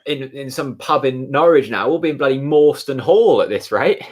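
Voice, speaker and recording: A man co-hosting a football watchalong, calling the play as it happens in a chatty, animated way. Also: medium pitch, moderate pace, breathy edge. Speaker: fan watchalong co-host. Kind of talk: live football commentary chat.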